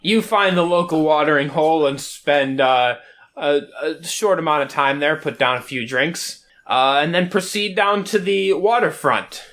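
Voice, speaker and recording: A man narrating a tabletop game as game master in a relaxed way, with many fillers. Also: a little high, a little slow.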